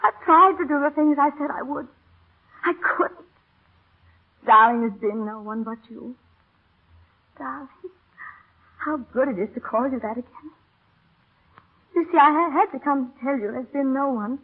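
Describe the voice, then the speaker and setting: An actress playing a doomed young heiress in a 1930s radio drama, swinging from teasing to tearful. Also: female voice, high voice, unhurried, long pauses, slightly rough, heavily acted. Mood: tender. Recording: thin, phone-like old radio broadcast.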